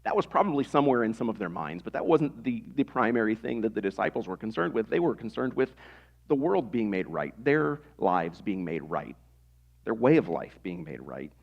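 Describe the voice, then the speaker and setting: Low-voiced man preaching a sermon. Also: sing-song, normal speed, vocal fry, dull audio. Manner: conversational preaching with rhetorical questions. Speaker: pastor.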